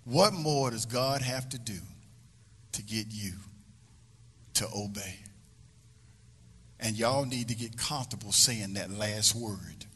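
A man's voice: fairly low pitch, slow, pauses often, sharp tone, breathy edge, long reverb tail. A male pastor preaching a sermon, emphatic and repetitive, stretching phrases out for effect.

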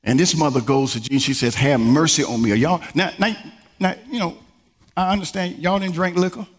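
A male pastor preaching a sermon in a style, swinging from low murmurs to high exclamations. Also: a little fast. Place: church sanctuary. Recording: long reverb from a large church hall.

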